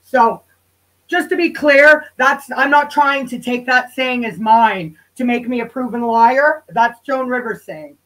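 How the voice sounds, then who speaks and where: A woman hosts a loose, rambling commentary stream and talks straight to her viewers. Her voice sits a little high, with a sarcastic and frequently profane edge. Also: unhurried, fairly bright tone, low-quality recording. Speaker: channel host. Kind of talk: casual commentary livestream.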